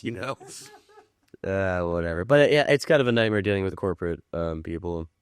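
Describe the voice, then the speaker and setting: Animated man telling wild stories. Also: lowish voice, brisk, dry recording. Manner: animated storyteller, acts out quoted lines, swears casually. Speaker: film producer guest. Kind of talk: casual chat.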